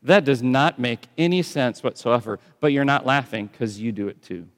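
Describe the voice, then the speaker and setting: A man preaching a sermon in a conversational way, often dropping to soft, intense tones. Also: medium pitch, lively intonation, moderate pace. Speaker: pastor. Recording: long church reverb.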